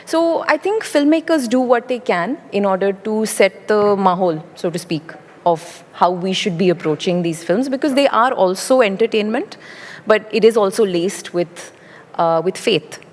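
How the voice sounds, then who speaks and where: A woman's voice: medium pitch, moderate pace. A young woman, an actress, answering questions thoughtfully and articulately in an on-stage interview. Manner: articulate, thoughtful, lively with light laughs. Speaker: actress guest. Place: large indoor conference stage. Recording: reverberant event hall.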